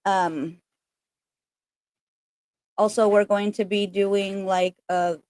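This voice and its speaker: A woman's voice: medium pitch, steady tone, extremely slow, darkish tone, smooth, no echo. A woman hosting a casual spiritual livestream, chatting in a rambling way full of fillers, recorded on a laptop.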